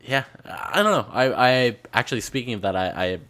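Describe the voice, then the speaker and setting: A man's voice: mid-range voice, big pitch swings, normal speed, sharp tone. A man co-hosting a gaming podcast, speaking in a laid-back, hesitant way in casual chat. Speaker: podcast co-host.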